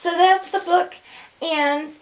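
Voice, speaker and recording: A woman chatting casually through an unboxing, gushing and excitable, with gasps and whispered asides. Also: very high-pitched, slow pace, a little hiss or hum. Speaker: book vlogger.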